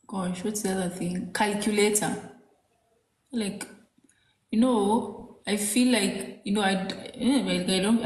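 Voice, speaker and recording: A woman's voice: mid-range voice, a little mellow, reverberant. A woman in her thirties from Kenya, co-hosting a casual parenting chat, rambling with many fillers. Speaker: podcast co-host.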